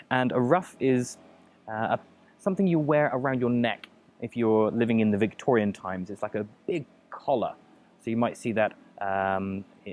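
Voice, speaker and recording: A man leads a pronunciation lesson in a fairly low voice. He explains patiently, giving example sentences and pausing with small fillers as he goes. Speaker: English teacher.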